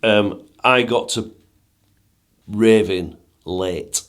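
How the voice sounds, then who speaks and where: A man's voice: fairly low pitch, very slow. A middle-aged man with a Northern English accent, a musician and DJ telling a personal story in a casual, rambling way as a podcast guest. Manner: rambling, repeats and restarts words, earnest.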